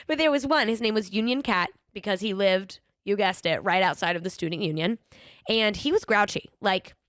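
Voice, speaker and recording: A woman's voice: mid-range voice, fairly bright tone, dry recording, studio quality. A young woman hosts a podcast, chatting casually and telling stories with a playful, sassy edge and lots of ums. She has a slight lisp now and then. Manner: chatty storyteller, frequent ums, playful sass. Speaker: podcast host. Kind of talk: casual solo podcast chat.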